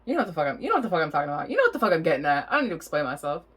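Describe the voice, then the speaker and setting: A woman's voice: sits low, very animated, rapid-fire, slightly rough. A young adult woman giving a casual tarot reading, rambling and chatty, laughing often and swearing freely. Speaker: tarot reader.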